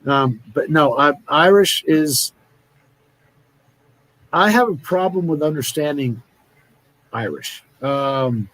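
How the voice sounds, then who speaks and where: A man's voice: fairly high pitch, lively intonation, slow pace, long pauses, fairly bright tone, no room sound. A man co-hosting a loose, joking live-stream chat, who likes to slip into put-on accents. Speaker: co-host. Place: lives by a beach in Brazil.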